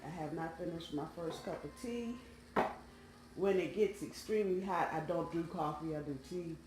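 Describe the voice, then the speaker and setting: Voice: medium pitch, moderate pace, heavy background noise. A tarot reader chatting casually and colloquially to viewers while laying out cards. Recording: roomy sound, faint background music.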